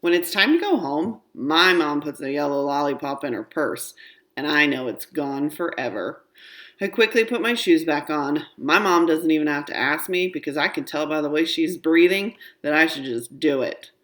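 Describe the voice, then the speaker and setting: A woman with a low voice reads a children's chapter book aloud. Her first-person narration is expressive and story-like. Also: moderate pace. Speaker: storybook reader.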